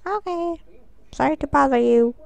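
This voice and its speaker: High-pitched goofy woman gaming. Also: moderate pace, gravelly, dry recording, highs cut off. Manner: goofy, crude, yelps and squeals at in-game mishaps. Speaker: gameplay commentator. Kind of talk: let's play commentary.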